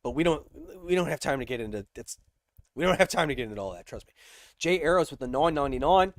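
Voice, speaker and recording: A man hosting a casual science livestream, reading viewer questions aloud and answering them with jokes, slowing down for dramatic emphasis. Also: on the high side, dry recording. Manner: energetic, joking, shifts between slow dramatic emphasis and quick asides.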